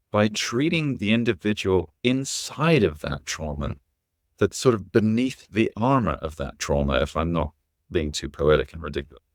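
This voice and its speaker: A middle-aged man, an actor and educator, telling an animated story as a podcast guest and acting out the people in it. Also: on the low side, no echo, studio quality. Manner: animated, acts out quoted voices.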